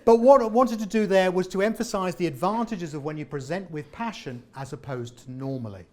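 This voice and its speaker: A man, a former comedian, leading a lively interactive workshop on presenting and asking the audience questions. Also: sits high, fairly quick. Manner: animated, jokey, questions the audience. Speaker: presentation trainer. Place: meeting room with an audience.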